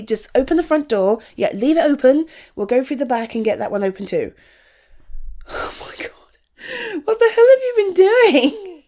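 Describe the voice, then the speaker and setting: A woman's voice: high voice, a little mellow. A young woman playing an affectionate girlfriend in a scripted audio role-play, laughing often, swearing freely and teasing her partner before turning tender. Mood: shocked, exasperated. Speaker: girlfriend coming home.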